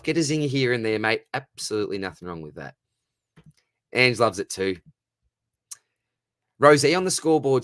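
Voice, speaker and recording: A man in his thirties with an Australian accent hosts a fantasy football livestream, running a casual live Q&A and answering viewer comments. His medium-pitched voice is a bit bright, with no room sound. He's chatty and matey, calling everyone mate.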